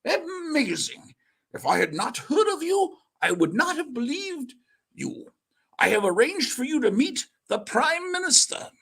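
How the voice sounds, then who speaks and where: A man putting on a high, astonished old commandant. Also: big pitch swings, unhurried, creaky, a bit bright, exaggerated voice. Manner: astonished, formal. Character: excitable British military commandant, older man.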